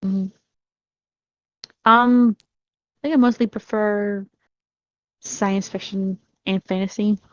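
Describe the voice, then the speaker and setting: A woman's voice: medium pitch, steady tone, takes it slowly, long pauses, dry recording, lo-fi sound. A woman chatting casually as a podcast guest, rambling and laughing while she tells stories. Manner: rambling, giggly, acts out her own reactions. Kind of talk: casual chat.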